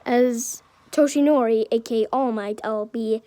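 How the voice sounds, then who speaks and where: Rambling high-voiced woman telling a story. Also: steady tone, unhurried, dark tone, no room sound. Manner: rambling, self-correcting, giggly. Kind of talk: improvised fan-fiction narration.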